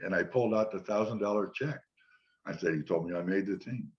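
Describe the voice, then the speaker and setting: An older man, a former football player, relaxed as he tells long anecdotes in an interview and quotes the people in them. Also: low voice, brisk. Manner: relaxed anecdotal storytelling, quoting others. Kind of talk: storytelling interview. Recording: dull lo-fi sound.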